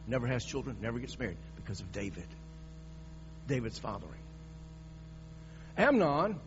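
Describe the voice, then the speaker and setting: A man preaching a sermon in an emphatic, dramatic way, often restarting his sentences. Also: on the high side. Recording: dull recording with mains hum.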